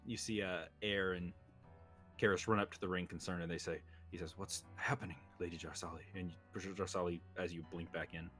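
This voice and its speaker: Deep-voiced male game master. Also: little pitch movement, moderate pace, a bit bright, faint music behind. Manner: hesitant, with frequent ums. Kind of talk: narrating a tabletop game.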